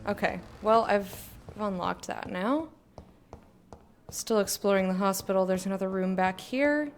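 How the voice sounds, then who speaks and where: Gamer girl talking thru her playthrough, chatty, laughs a lot, mid pitch. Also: a little slow, a little hiss or hum. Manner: chatty, giggly, talking to herself. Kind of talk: casual gameplay commentary.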